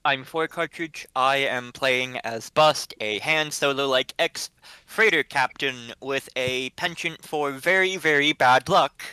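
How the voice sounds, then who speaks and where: A man's voice: medium pitch, slow pace, bright, forceful tone, clean tone, no echo, poor audio. A man playing in a tabletop game, chatting casually and joking. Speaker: player. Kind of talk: casual chat.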